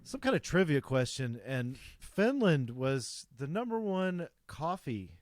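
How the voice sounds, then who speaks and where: A man's voice: fairly high pitch, very animated, unhurried, no room sound. A man co-hosting a podcast in a casual chat, easygoing and chatty, with many filler words. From United States. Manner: easygoing, warm reactions, says "like" a lot. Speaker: podcast co-host.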